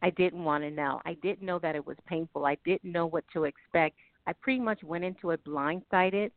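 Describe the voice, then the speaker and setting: A woman's voice: fairly low pitch, normal speed, dry recording. A woman giving heartfelt, candid personal testimony as an interview guest. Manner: candid, heartfelt, speaks directly to listeners. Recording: dry, tinny phone-like sound.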